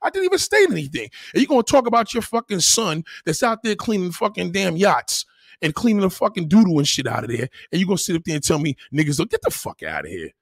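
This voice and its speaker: Male streamer, high-pitched husky voice, heated profane rant at chat, dry close mic. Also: fast talker, no room sound. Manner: loud, animated, profane, reacting to viewer comments. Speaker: livestream host.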